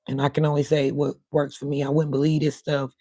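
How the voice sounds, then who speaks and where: A woman's voice: low voice, little pitch movement, brisk, dark tone, no room sound. A middle-aged woman, rambling casually to her viewers on a livestream, her voice cutting in and out. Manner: rambling, talks to viewers in chat. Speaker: livestream host.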